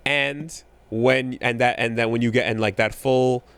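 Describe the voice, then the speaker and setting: A man co-hosting a podcast in casual chat, talking in a rambling, animated way with many fillers and restarts. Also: mid-range voice, unhurried, gravelly, clean tone, dry recording. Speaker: podcast co-host.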